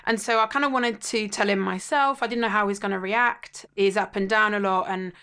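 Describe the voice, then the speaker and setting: Woman, mid-pitch, candid and animated storyteller with dry humour, casual podcast chat. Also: brisk, clear, resonant tone. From Italy. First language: Italian. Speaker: podcast guest sharing a personal story.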